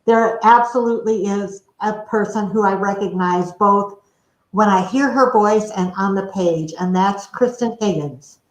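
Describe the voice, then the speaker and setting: A woman's voice: mid-range voice, unhurried. A woman guest author on a casual video chat, speaking emphatically. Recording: roomy echo.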